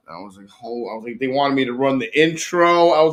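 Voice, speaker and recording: A man's voice: mid-range voice, brisk, hardly any pauses, a bit bright. A man in his fifties hosting a livestream, rambling casually and retelling his own thoughts. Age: 50s. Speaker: host of a livestream. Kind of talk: casual chat to viewers.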